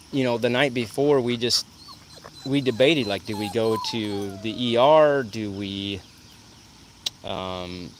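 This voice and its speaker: His voice on the low side, a livestream host chats casually with viewers from the shade by a pool and coos at his dog in a lighter sing-song way. Slight background noise includes faint outdoor sounds and geese.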